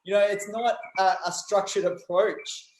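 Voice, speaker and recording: A man's voice: high-pitched, steady tone, unhurried, a little hiss or hum. A man hosting a casual chat, joking and laughing easily. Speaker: host. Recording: echoey room.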